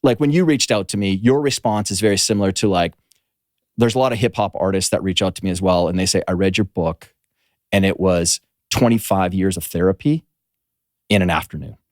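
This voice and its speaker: A man guesting on a podcast as a performance coach, explaining his ideas in a steady, agreeable manner. His low voice sounds close and dry. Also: a little fast, no echo. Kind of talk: interview answers.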